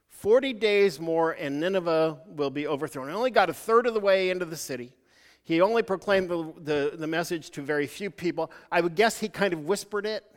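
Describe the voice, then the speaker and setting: A man preaching a sermon, telling a story in a halting way with many restarts. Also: on the high side, big-room sound.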